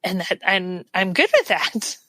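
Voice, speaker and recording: A woman with a bright, clear voice speaks as a podcast guest. She is earnest and reflective and often laughs softly, recorded on a dry, close mic. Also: medium pitch, big pitch swings, a little slow, no echo. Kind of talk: casual interview chat.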